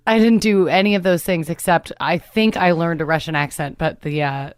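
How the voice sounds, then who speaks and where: Woman in her 30s, interview guest, deadpan and playful, lowish voice, dry mic. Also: normal speed, smooth, no echo. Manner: playful, deadpan jokes, laughs often. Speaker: guest actor. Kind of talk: casual interview chat.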